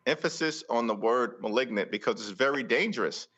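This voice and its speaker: A man giving forceful political commentary on a talk show, stacking repeated phrases for emphasis. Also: mid-range voice, brisk, hardly any pauses, lo-fi sound. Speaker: congressional leader interviewed as guest.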